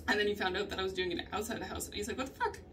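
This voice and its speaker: A woman's voice: mid-range voice, little pitch movement, very fast, a bit bright. A young woman talking candidly in a casual vlog, swearing often and laughing through her stories. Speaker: vlogger. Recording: distant mic with faint ambient noise.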